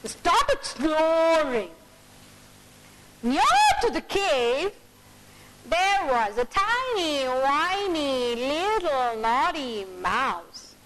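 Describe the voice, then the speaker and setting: A woman coaching storytelling, telling a tale in a drawn-out, theatrical way. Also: high voice, fairly bright tone, a little hiss or hum, low-quality recording. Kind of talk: storytelling demonstration.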